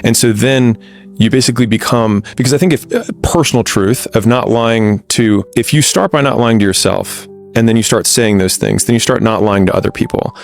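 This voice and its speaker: Blunt podcast guest, low creaky male voice, candid and conversational. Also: brisk, soft background music. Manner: blunt, frank, with frequent restarts.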